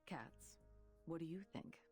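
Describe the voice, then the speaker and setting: An actress voicing a shrewd, commanding female vice president who speaks in a measured, stern and formal way in a game. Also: low voice, lively intonation, a little mellow, husky, no room sound, soft background music, heavily acted.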